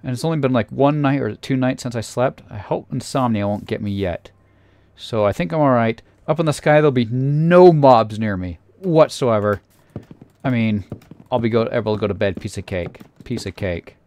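A man narrating a scary game playthrough in a theatrical way, dropping to a hush and then shouting in panic. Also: medium pitch, normal speed, no echo. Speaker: let's player. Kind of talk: acted creepypasta gameplay narration.

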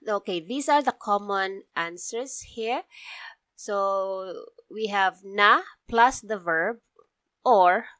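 A woman with a Cebuano accent teaches in a relaxed online lesson. She talks slowly and patiently, breaking each phrase down with plenty of ums. Her voice sits dry and close, with no room sound around it. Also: medium pitch, dry recording. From Cebu, Philippines. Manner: patient, explaining step by step with frequent ums. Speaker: language teacher. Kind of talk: casual online language lesson.

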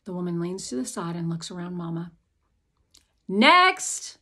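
A woman's voice: on the low side, steady tone, fast talker, warm tone, husky. A woman reading an audiobook aloud in the first person, speaking as a young girl telling her own story. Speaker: audiobook narrator.

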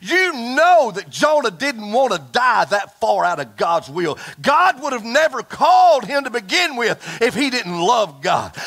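A man preaching a fiery sermon to his congregation, folksy and animated, calling out for amens. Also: very high-pitched, husky. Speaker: pastor. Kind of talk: impassioned Pentecostal-style sermon. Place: church service before a congregation.

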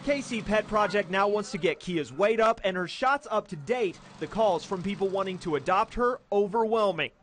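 A man's voice: high voice, lively intonation, normal speed, few pauses, a bit bright, slight background noise. A man doing a live field report for local TV news, in a conversational reporter tone. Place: outdoors at an animal shelter.

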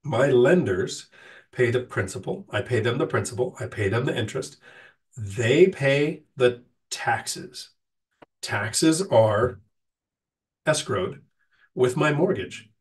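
A man with a mid-range voice and lively intonation speaks slowly, recorded from a distance, while hosting a casual livestream Q&A. A lingering cold makes him slightly nasal; he reads viewer questions aloud and answers them in detail, in plain language.

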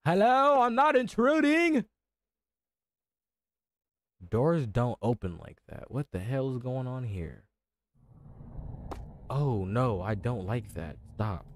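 A man's voice: fairly low pitch, animated, takes it slowly, dark tone, no echo. A young man giving jokey let's-play commentary on a horror game, reacting aloud and talking back to the characters. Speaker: gaming YouTuber.

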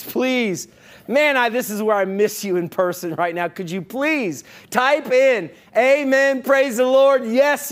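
Brief: high-pitched male pastor preaching online, emphatic, playful. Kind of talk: online sermon.

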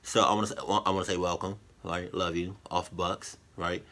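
A man hosting a reaction video, reacting in casual commentary with loud, animated exclamations and slang. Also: sits low, normal speed.

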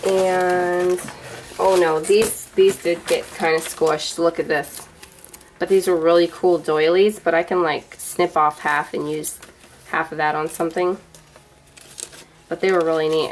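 Woman, 30s, lower-pitched, chatty unboxing vlogger, rambling and gushing; light background hiss. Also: level tone, measured pace, poor audio. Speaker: vlogger showing a gift box. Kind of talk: casual show-and-tell unboxing.

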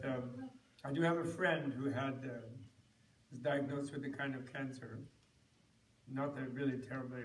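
A man gives a meandering talk at a retreat, circling back on his words and restarting his sentences. His voice sits at an ordinary male pitch. It is picked up from across a roomy hall, with faint ambience behind him. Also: a little hiss or hum. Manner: rambling, halting storytelling with many restarts. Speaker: retreat teacher. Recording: roomy hall, recorded from far off.

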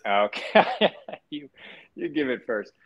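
A male actor, a guest in a casual interview, talking in a relaxed and candid way, acting out quotes as he goes. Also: mid-range voice, takes it slowly, muffled recording. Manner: relaxed and candid, with frequent restarts and acted-out quotes.

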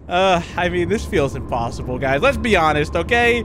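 A young man commentating a horror game as he plays, panicky and repeating words rapidly when scared. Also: sits high, big pitch swings, a bit bright, slight background noise. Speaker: gaming YouTuber.

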